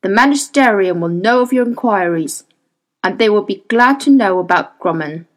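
A woman's voice: medium pitch, expressive, moderate pace, close to an everyday voice. Woman voicing a harsh fanatical zealot. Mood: solemn. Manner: solemn, harsh. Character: fanatical dying male zealot. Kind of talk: audiobook character reading.

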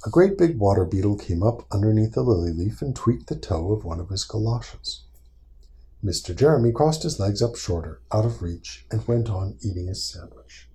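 A father with a deep, warm, mellow voice reads a storybook aloud to his small child. He is gentle and patient, pausing now and then to answer the little one's questions before reading on. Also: animated.

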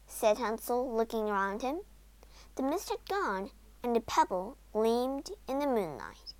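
A woman narrating a children's storybook aloud in an animated, dramatic way. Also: fairly high pitch, a little slow. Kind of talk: expressive storybook read-aloud.

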